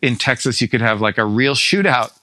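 A man's voice: medium pitch, lively intonation, fairly quick, bright, forceful tone, no room sound. A man hosting a casual chat, joking and riffing on ideas.

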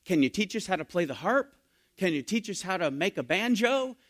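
A male pastor preaching a sermon, asking his listeners questions and moving between hushed and emphatic delivery. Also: high-pitched, very animated, a little fast. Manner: dynamic preaching, asks the congregation questions, swings from hushed to loud.

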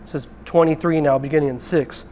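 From the pulpit of a church sanctuary, a male pastor gives a conversational sermon, speaking straight to the congregation as brethren. His warm, steady voice sits on the high side and moves fairly quickly.

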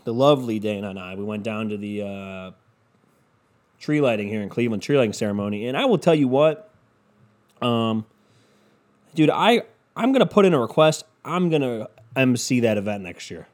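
A man hosting a podcast, ranting casually with constant swearing and a loud, animated delivery. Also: medium pitch, normal speed. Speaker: podcast host.

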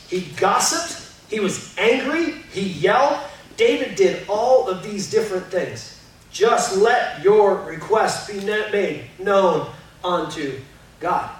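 A man preaching a casual, conversational sermon as a pastor in a church auditorium, candid and self-deprecating with lots of fillers. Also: sits high. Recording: very echoey hall, voice from far off, faint noise.

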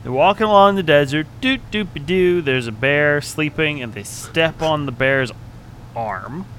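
A man's voice: a little high, lively intonation, unhurried, fairly bright tone, slight background noise, low-quality recording. A man co-hosting a podcast, cracking jokes and spinning silly stories in casual banter. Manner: jokey, spins silly stories. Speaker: podcast co-host.

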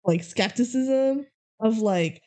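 A woman's voice: fairly high pitch, lively intonation, slow, a little mellow. A young woman co-hosting a podcast, chatting casually and animatedly about a film, acting out the characters' lines. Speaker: podcast co-host. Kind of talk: casual movie recap chat.

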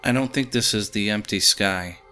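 A man voicing a hesitant young man who speaks haltingly about things he does not understand. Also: lowish voice, sharp tone, soft background music. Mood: uncertain. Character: young man, unsure of his new powers.

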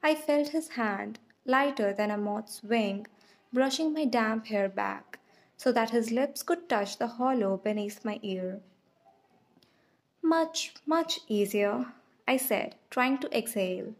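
Slow, hushed woman narrating an audiobook. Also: on the high side. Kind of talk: first-person audiobook narration.

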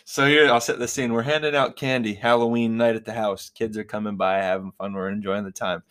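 A man's voice: lowish voice, level tone, a little fast, a bit bright, clear, resonant tone. A young man co-hosting a casual podcast chat, telling a funny story, laughing often and making silly animal noises. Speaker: podcast co-host.

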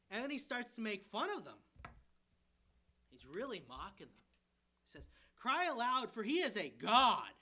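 Lively, bright-voiced male preacher. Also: sits high. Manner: animated storytelling, voicing characters with humor. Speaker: pastoral candidate. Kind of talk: expository sermon.

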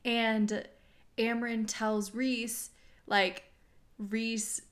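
A woman's voice: a little high, steady tone, moderate pace, a bit bright. A young woman co-hosting a casual fan podcast, telling a funny story with swearing and fits of laughter. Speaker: podcast co-host.

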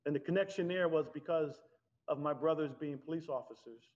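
A man preaching a sermon in an animated, conversational way. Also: fairly high pitch, brisk. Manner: animated, conversational preaching with laughs and acted-out quotes. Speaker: pastor. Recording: dull lo-fi sound.

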